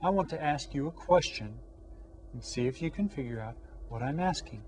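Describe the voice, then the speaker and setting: A man teaching children an elementary Spanish lesson, patient and questioning, drawing out each new word slowly and asking the class to repeat. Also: fairly high pitch, expressive, a little mellow, a little hiss or hum. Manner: asks questions and pauses for answers.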